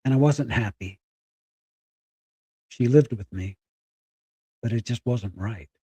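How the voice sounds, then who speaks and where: Middle-aged man, husky, close to tears, halting personal story, dry close sound. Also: medium pitch, warm tone, no echo. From Spokane, Washington. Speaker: guest.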